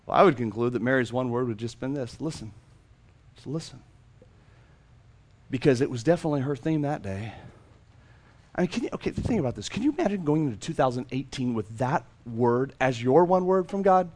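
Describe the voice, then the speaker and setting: A male pastor preaching a sermon, animated and playful, acting out the voices in a story and repeating words for emphasis. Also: medium pitch, fast.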